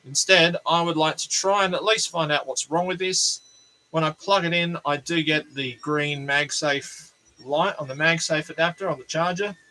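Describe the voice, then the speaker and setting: A man's voice: fairly high pitch, pushed and bright, a little hiss or hum, low-quality recording. An Australian man chatting casually as a vlog host, rambling and joking at his own expense. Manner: joking, self-deprecating, rambling asides. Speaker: channel host.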